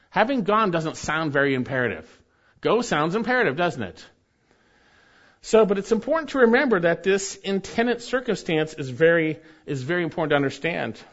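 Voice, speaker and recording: A man's voice: a little high, fairly bright tone, lo-fi sound. A man preaching a sermon as a pastor, teaching with casual asides and frequent "okay?" checks.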